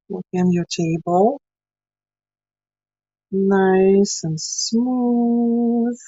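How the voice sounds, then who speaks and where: Woman, painting teacher, slow relaxed talk, chatty, encouraging, dry lo-fi sound. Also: sits low, husky, no echo. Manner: chatty, encouraging, talks while working. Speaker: art teacher. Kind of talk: live painting class. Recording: dry, slightly dull sound.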